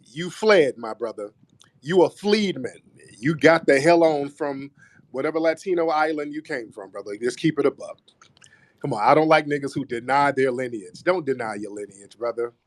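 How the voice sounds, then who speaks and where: A man's voice: medium pitch, lively intonation, normal speed. A man hosting a live online audio room, taunting a caller in a heated debate and calling him "brother" over and over. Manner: taunting, repeats "brother", mocking. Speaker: host.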